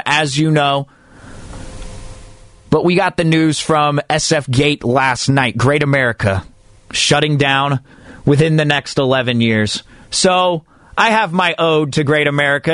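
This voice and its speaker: A man's voice: a little high, dry recording, clean studio sound. A man hosting a sports radio show, talking in a comic, mock-dramatic way. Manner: animated, mock-dramatic, comic slam-poetry delivery.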